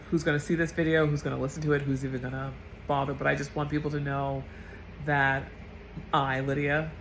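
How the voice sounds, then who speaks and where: A woman vlogger getting over a cold speaks in a blunt, profane, emotional rant. Her voice has a gravelly, fry-heavy edge. A faint hiss of noise sits under the recording. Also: low voice, rough recording. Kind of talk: impassioned political rant.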